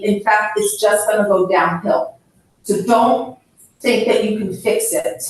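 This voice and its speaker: A woman leading a caregiver seminar, frank and lively, who laughs often and acts out scenes. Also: mid-range voice, a little slow, slight background noise. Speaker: hospice educator. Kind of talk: seminar talk. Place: seminar room. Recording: echoey room from far off.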